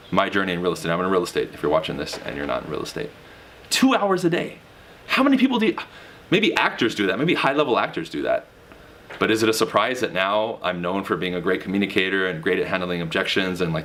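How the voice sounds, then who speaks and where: A deep-voiced man giving a motivational sales lesson straight to his viewers. He talks directly and casually, with the odd curse, and jumps up in pitch to hammer home key words. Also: a bit bright. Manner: emphatic, swings pitch for emphasis; direct, casual with mild swearing. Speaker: real estate sales coach. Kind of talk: motivational teaching monologue.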